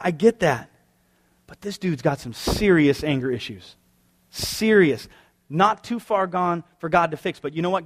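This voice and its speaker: A man preaching a sermon as pastor, conversational and wry, firing off rhetorical questions. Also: high voice.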